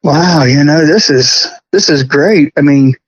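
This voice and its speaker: Casting: middle-aged man, folksy storyteller, slightly raised pitch, dull recording. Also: a little slow, slightly rough, no echo. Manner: chatty, folksy, laughs often. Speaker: guest prop restorer. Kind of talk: casual storytelling interview.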